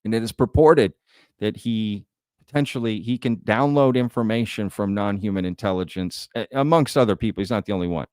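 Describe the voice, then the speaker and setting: A man from Texas talks loosely through his live stream, folksy and chatty as he addresses his viewers. His voice sits a little low and sounds smooth and clear. It is recorded dry and close to the mic. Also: fairly quick, a little mellow, dry recording. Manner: casual, chatty, folksy with "y'all". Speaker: host. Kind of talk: live-stream news commentary.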